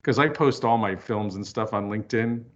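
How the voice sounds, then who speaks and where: A man's voice: lowish voice, moderate pace. Candid storytelling man, lo-fi sound. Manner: candid, storytelling, lively asides. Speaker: filmmaker and author guest. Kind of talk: casual interview chat. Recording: dull lo-fi audio.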